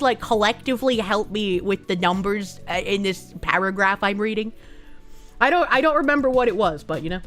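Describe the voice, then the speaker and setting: A woman's voice: a little high, fairly bright tone. A woman streamer casually chatting and reading donation messages, with loose, profane banter and frequent laughter.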